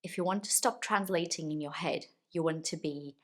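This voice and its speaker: A woman teaching English in an upbeat, encouraging video lesson, slowing down to stretch the words that matter. Her first language is Portuguese, and her voice sits somewhat low for a woman. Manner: encouraging, stretches key words slowly for emphasis. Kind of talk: friendly YouTube English lesson.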